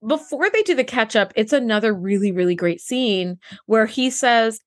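A woman with a high-ish voice and a very lively, swooping pitch chats about an episode. She sounds enthusiastic and swears casually as she talks. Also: moderate pace. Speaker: podcast co-host. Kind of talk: casual chat recapping a TV episode.

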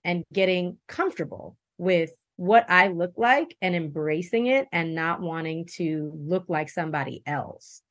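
A woman from Belize, the interview guest, telling her story in an animated, expressive way. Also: lowish voice, measured pace, hardly any pauses, no room sound. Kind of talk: casual interview conversation.

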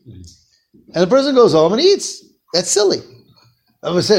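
A man's voice: high voice, very animated, brisk, breathy edge. A man leading a text-study class, reading Hebrew phrases aloud, translating them and asking his students questions. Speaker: Torah teacher.

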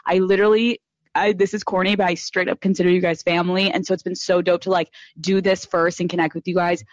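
A woman's voice: lowish voice, flat delivery, fast talker, no room sound, lo-fi sound. A woman hosting a podcast live, giving blunt, profane advice and gushing over her listeners in casual chat. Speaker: podcast host.

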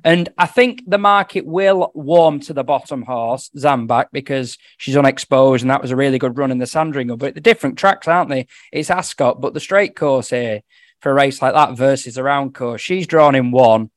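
A man giving casual horse racing tips on a podcast, talking quickly through form with a joking edge. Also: mid-range voice, no echo, clean studio sound. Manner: quick, chatty form analysis with jokes. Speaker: racing tipster.

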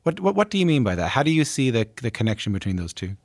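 A man from Newfoundland hosts the interview, chatting in a loose, easygoing way with plenty of likes and ums. His voice is mid-pitched for a man. The sound is close and dry. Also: big pitch swings, fast, dry recording. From Newfoundland, Canada. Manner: easygoing, chatty, with frequent fillers. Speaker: interview host. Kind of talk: casual conversational interviewing.

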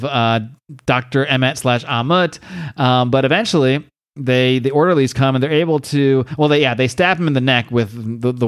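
A man hosting a podcast, casually recapping a comic with rambling restarts, slipping into voices for the characters. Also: medium pitch. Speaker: podcast host.

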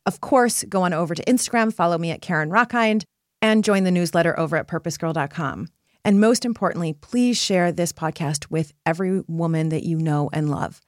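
A woman's voice: lowish voice, brisk, no echo, studio quality. A woman hosting her own motivational podcast, speaking earnestly and encouragingly straight to her listeners as a purpose coach.

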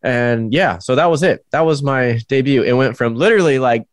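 A drag racing driver, a man, telling a story in a casual interview. He is animated and swears freely. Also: mid-range voice, moderate pace, dry recording. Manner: animated storyteller, acts out quoted voices, swears, laughs.

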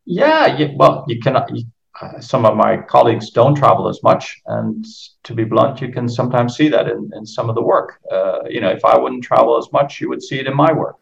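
A Dutch golf course architect in his fifties, speaking from home, has a medium-pitched, creaky voice with an American tinge to his accent. He's animated and a little fast, rambling through a podcast interview with plenty of restarts and fillers. The audio is muffled and lo-fi.

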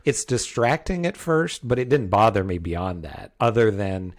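A man's voice: lowish voice, big pitch swings, normal speed. A man co-hosting a casual film review podcast, talking loosely with frequent restarts and hedges. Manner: rambling, many restarts and hedges. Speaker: podcast co-host.

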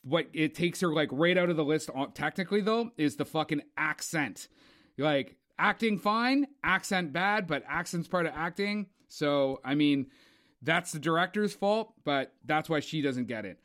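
A man's voice: a little high, lively intonation, moderate pace, a bit bright. A man chatting casually about film awards, rambling with lots of fillers. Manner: rambling, filler-heavy, enthusiastic. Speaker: co-host.

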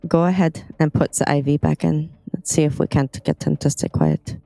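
A player in a tabletop role-playing game, deliberately stating actions. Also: medium pitch, fairly even intonation, gravelly, dark tone, no room sound, soft background music.

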